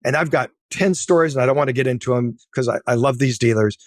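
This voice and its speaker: A middle-aged man speaks as a podcast guest, pressing his points with blunt, emphatic advice and tagging his sentences with "right?". His voice sits at an ordinary pitch. The sound is close and dry, with no room around it. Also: fast, no echo. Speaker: podcast guest, tech entrepreneur. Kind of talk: casual interview talk.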